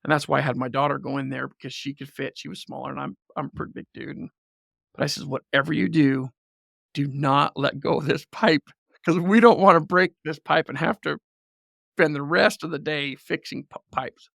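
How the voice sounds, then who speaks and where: A man telling a lively family story as a podcast guest, often laughing and acting out what people said. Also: on the high side, a little fast, creaky, no echo, studio quality. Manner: animated storyteller, laughs often, acts out quotes. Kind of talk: casual storytelling.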